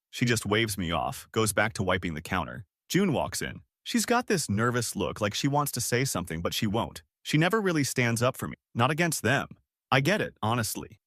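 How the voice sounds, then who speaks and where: A man's voice: mid-range voice, a bit bright, no echo, clean studio sound. A man in his twenties narrating his own story in a casual, slangy first-person style. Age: 20s. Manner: casual, slangy, spelled-out abbreviations.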